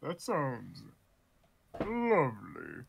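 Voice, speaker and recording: Card king villain read by a man: gravelly, slow, grandiose. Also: mid-range voice, wildly swooping pitch, noisy background, heavily acted. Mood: weary. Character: menacing male king of cards, weary tyrant. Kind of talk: fan voice-over of game dialogue.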